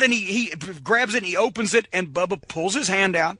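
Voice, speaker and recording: A middle-aged man, a former wrestler and podcast guest, telling stories in a casual, animated, profane way and acting out the voices of the people in them. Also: sits high, fast, dry recording, clean studio sound. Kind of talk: casual storytelling. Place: podcast studio.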